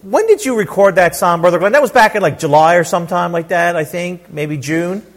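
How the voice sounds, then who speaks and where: A middle-aged man preaches a sermon in a fairly high voice. He stumbles over and repeats his words, then builds up to loud, emphatic declarations. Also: a little fast. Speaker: pastor.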